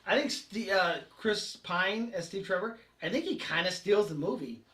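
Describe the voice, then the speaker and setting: A man's voice: high voice, normal speed, bright, forceful tone, reverberant, far from the mic. A man co-hosting a casual movie review podcast, easygoing and hesitant. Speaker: podcast co-host.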